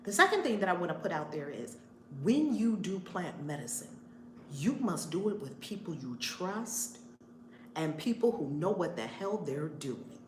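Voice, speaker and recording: A woman hosts a live storytime from her home, her pitch swinging lively as she greets viewers by name between thoughts. The room is echoey, with a faint hum of ambience behind her. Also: normal speed. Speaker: reverend and channel host. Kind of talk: casual live-stream storytime.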